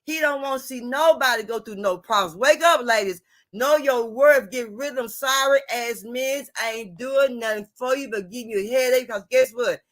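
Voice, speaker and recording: A middle-aged or older woman lecturing viewers on relationships in a blunt, preachy way, often asking if they hear her. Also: a little high. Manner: preachy, repeats "you hear me?" and "you see what I'm saying?"; blunt and salty, drawn-out emphasis. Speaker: vlogger giving relationship advice. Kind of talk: emphatic advice rant to viewers.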